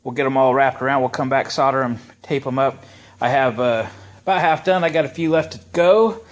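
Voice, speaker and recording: Guy in his shop, laid-back how-to vlog talk, opinionated, normal pitch. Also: fairly quick. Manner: relaxed, chatty, opinionated, with many uh fillers. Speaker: shop owner and video host. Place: workshop.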